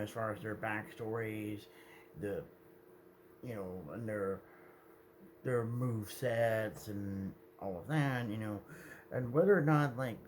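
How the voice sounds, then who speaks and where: Low-voiced man rambling casually. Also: slight background noise. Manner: meandering, hesitant, self-correcting. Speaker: video creator.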